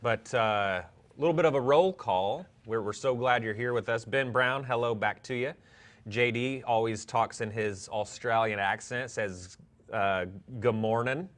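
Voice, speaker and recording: A man's voice: medium pitch, measured pace, fairly bright tone. A man co-hosting a live-streamed recovery talk show, friendly and loose, often repeating words as he talks. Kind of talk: casual live-stream chat.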